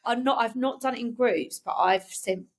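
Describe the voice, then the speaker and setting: Giggly woman, slightly high voice. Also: moderate pace. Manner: laughs often, lively storytelling. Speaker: podcast co-host. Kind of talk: casual chat.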